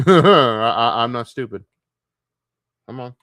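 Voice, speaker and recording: A man streaming, reacting to clips with profane, mocking rants, swinging between loud outbursts and low muttering. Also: animated, slow pace, no echo. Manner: shifts between shouting and muttering.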